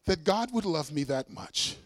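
A middle-aged man giving a sermon testimony as a preacher and singer, telling a story in a lively way, acting out dialogue with self-mocking humor. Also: on the high side, normal speed, dry recording.

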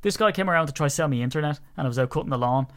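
A fairly high-voiced Irish man co-hosting a podcast, chatting casually. He tells stories with lots of energy and slips into other people's voices as he goes. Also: very fast. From Ireland, Wicklow. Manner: animated storyteller, acts out quoted voices. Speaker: podcast co-host.

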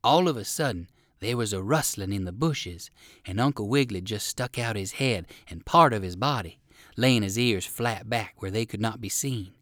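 A man reading a children's storybook aloud with warm, expressive storytelling. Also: lowish voice, normal speed, dry recording, studio quality. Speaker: reader. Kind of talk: storybook narration.

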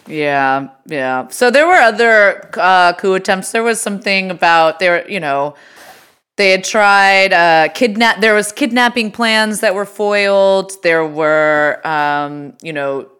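A woman's voice: medium pitch, slow, fairly bright tone, clean tone. A woman co-hosting a casual political podcast, laughing easily and talking loosely with lots of fillers. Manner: laughing, conversational, lots of "you know" and "like". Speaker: podcast co-host.

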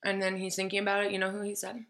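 Bright-voiced woman telling a story. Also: mid-range voice, very fast. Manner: animated, acts out quoted voices, swears. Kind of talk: casual storytelling chat.

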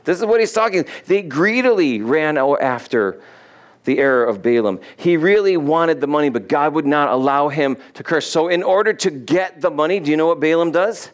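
A man's voice: fairly high pitch, animated, moderate pace. A male pastor giving a sermon, retelling Bible stories in a casual, conversational way and acting out the characters.

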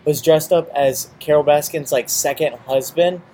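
A young man co-hosting a casual chat, telling stories in a profane, animated way and acting out quotes. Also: a little high, moderate pace, a little hiss or hum. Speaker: podcast co-host.

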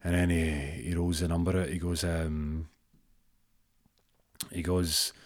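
A man's voice: low voice, flat delivery, slow pace, dry recording, studio quality. A man telling a funny story in a rambling way, full of fillers and restarts. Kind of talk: comic storytelling.

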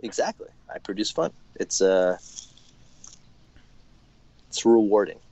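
A man's voice: lowish voice, animated, takes it slowly, crowd noise, rough recording. A man in his thirties from Canada, chatting as a podcast guest, laughing often and hesitating with lots of fillers and casual swearing. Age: 30s. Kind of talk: casual chat.

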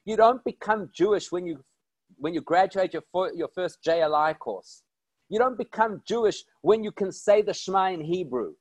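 A man speaking as a rabbi, telling stories in an animated, emphatic way and asking rhetorical questions. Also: high voice, normal speed, no room sound. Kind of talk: inspirational storytelling talk.

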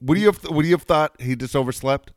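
A man's voice: a little high, a little fast, no room sound, clean studio sound. A man hosting a casual talk show, telling a rambling story earnestly and laughing often. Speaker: podcast host.

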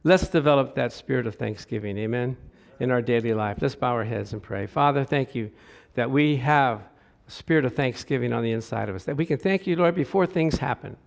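A middle-aged man preaching a sermon with animated delivery, his voice climbing and getting louder as he reads scripture, with joking asides along the way. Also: medium pitch, brisk, creaky, hardly any pauses. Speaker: pastor.

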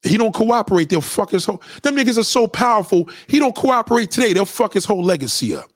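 A man delivers an animated, profane rant, preaching to his viewers as if he knows what they refuse to see. His voice sits high and swings widely up and down, hammering points through repetition. The sound is dry, with no room echo. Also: fast. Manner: repeats himself for emphasis. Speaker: vlogger giving opinions.

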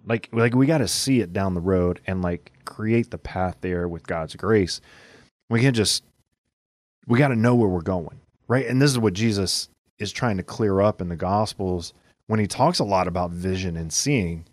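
Low-voiced man, rambling casual chat. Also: moderate pace, dry recording, clean studio sound. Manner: rambling, lots of "like" fillers. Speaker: podcast co-host.

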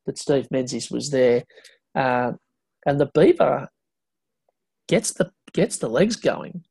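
A man co-hosting a podcast, rambling through an old match recap with excited asides. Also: medium pitch, slow pace, creaky, slightly rough, no room sound. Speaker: podcast co-host.

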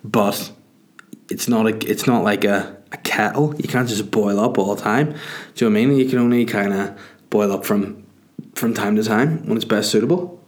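A podcast host with a lowish voice and normal pace tells a rambling, comic story packed with swearing. He keeps saying "you know" and "do you know what I mean" as he jokes and digresses.

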